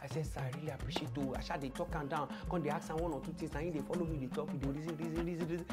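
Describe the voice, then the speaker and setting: A woman with a Nigerian Pidgin accent, hosting a podcast and telling an event story with hushed asides and loud outbursts. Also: sits low, racing, loud music behind the voice. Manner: animated, swings from hushed asides to loud exclaims. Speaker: podcast host.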